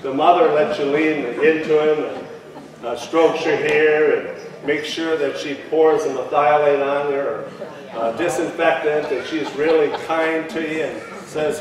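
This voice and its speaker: High-voiced male pastor preaching in an echoey hall. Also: fairly even intonation, a little slow, crowd noise. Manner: preaching, calls congregation to respond aloud. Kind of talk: sermon with scripture reading. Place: church sanctuary. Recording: echoey church hall from far off.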